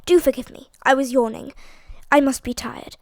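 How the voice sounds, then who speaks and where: A woman reading aloud and voicing a stiff male butler who is quick and defensive. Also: sits high, steady tone, a little mellow, no room sound, clean studio sound.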